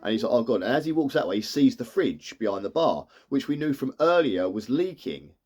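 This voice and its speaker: A man's voice: mid-range voice, sing-song, a little fast, darkish tone, husky. Man, tearful, rambling recap, acts out lines. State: tearful, emotional. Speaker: TV reviewer. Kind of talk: emotional episode recap.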